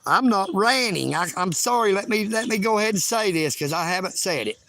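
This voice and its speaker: A man rambling loudly and emphatically on a livestream from his bedroom. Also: high-pitched, expressive, brisk, slight background noise. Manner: loud, emphatic, self-promoting.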